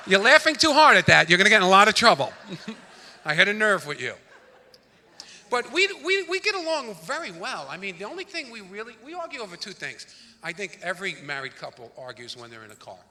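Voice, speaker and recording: A man doing a brash, rapid-fire stand-up comedy routine on a theater stage. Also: sits high, wildly swooping pitch, sharp tone. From New York, the Bronx. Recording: live theater reverb, faint room noise.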